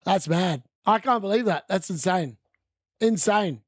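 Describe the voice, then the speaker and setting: A man giving chatty, excitable live commentary on a fantasy football watch-along stream, laughing often and correcting himself as he goes. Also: high voice, moderate pace, no room sound, studio quality. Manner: corrects himself mid-sentence.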